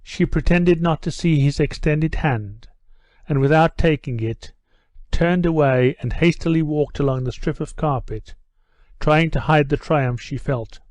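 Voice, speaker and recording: A man reading an audiobook as the narrator, in an even, measured delivery. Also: fairly high pitch, dry recording. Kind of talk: scripted narration.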